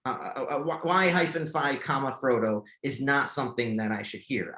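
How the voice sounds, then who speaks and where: A man walking through a screen-share tutorial as an accessibility tester, halting and often repeating words as he explains. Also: mid-range voice, pushed and bright. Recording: echoey room.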